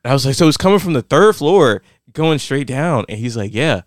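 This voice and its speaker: Animated young man telling a story. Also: brisk, no echo, studio quality. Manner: animated, acts out quotes with big pitch jumps. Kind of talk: casual storytelling chat.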